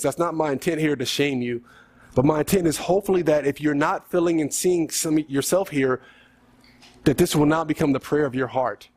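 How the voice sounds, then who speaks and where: A man's voice: fairly high pitch, darkish tone. A male preacher giving an earnest sermon, then leading a prayer, pleading with listeners and often calling out "saints" and "God".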